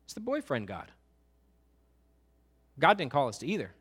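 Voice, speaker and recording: Animated preacher with a bright voice. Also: male voice, medium pitch, moderate pace, husky. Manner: animated, acts out voices of churchgoers. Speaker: pastor. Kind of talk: sermon.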